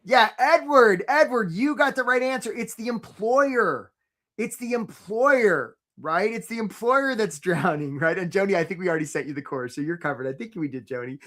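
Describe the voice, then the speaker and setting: A high-pitched man hosts a live career-coaching webinar at a normal speed. He talks in an energetic, chatty way and keeps asking "right?"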